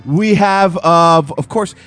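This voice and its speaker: Hosting a live comedy podcast, this man speaks in a smooth, high voice and takes his time, with faint music playing behind him. He jokes around with his co-hosts, laughing often and sounding animated and incredulous in the casual banter.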